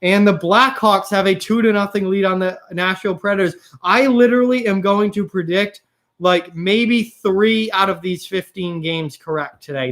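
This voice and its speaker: Young man, high voice, live stream host, casual chat, reads out viewer comments, frustrated. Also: a little slow, a bit bright. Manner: chatty, reads and answers viewer comments, frustrated about picks.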